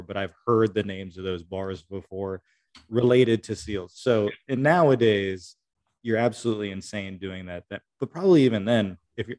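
A man, a former Army Ranger co-hosting a podcast, talking things through with halting restarts. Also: lowish voice, a little mellow, no room sound. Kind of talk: casual conversation.

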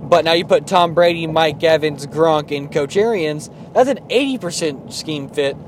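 A man's voice: on the high side, normal speed, slight background noise. Chatty joking young man hosting sports talk. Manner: joking, chatty, animated rants. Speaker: podcast host. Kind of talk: casual sports chat.

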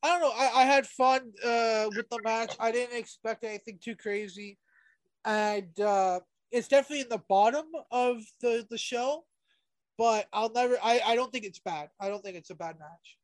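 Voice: mid-range voice, normal speed, dry recording. Rambling podcast co-host, dry sound. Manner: rambling, swears, many hesitations. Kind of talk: casual wrestling chat.

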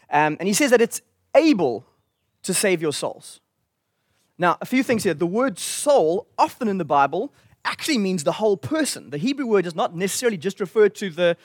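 A man's voice: sits high, no echo, studio quality. A man preaching a sermon in an earnest, conversational way. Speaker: pastor.

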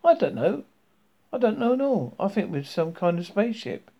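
A man puts on a bewildered, excitable Englishman in a storybook reading, his exclamations jumping high and flustered. The voice swings widely in pitch, and a gravelly edge runs under it. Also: moderate pace, muffled recording, exaggerated voice.

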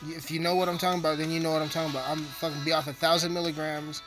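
A man's voice: on the high side, little pitch movement, very fast. A man rambling through a profane, joking casual monologue as a podcast host. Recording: music playing behind.

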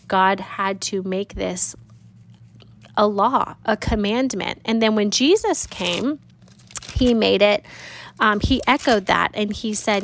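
Woman, mid-pitched, some vocal fry, casual and earnest Bible teacher. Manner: conversational, earnest, reads scripture slowly.

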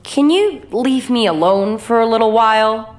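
A woman's voice: mid-range voice, big pitch swings, slow pace, fairly bright tone, a little hiss or hum, voice pushed up, exaggerated voice. Woman reading a tense, shaky-voiced wife. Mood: strained. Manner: tremulous, guarded.

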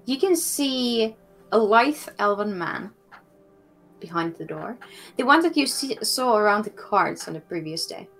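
A woman narrating a tabletop game as game master, in a calm, measured way. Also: mid-range voice, gravelly, soft background music.

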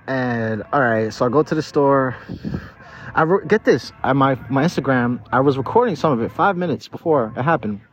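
In a city park, a tipsy man with a mid-range voice hosts his podcast at a moderate pace, rambling through casual, foul-mouthed talk and stammering as he restarts. The outdoor audio is dull and lo-fi.

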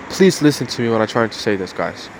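A man's voice: medium pitch, noisy background. A man in his twenties talking to his viewers in an earnest, emotional monologue, repeating and restarting his phrases. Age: 20s. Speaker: vlogger.

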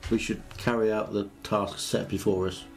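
Low-ish guy at a tabletop game, earnest and practical, music behind. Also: little pitch movement, normal speed, vocal fry. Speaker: player. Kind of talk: casual tabletop game chat.

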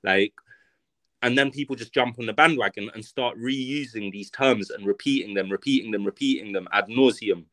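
A man's voice: lowish voice, normal speed, a bit bright, dry recording. Blunt, profane London man. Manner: blunt, profane, emphatic ranting. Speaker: author and podcast guest. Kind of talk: casual podcast conversation.

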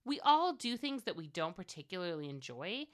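A woman's voice: fairly low pitch, big pitch swings, moderate pace. A woman hosting a podcast, talking casually on her own with wry asides and plenty of fillers. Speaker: podcast host. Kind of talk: casual solo commentary.

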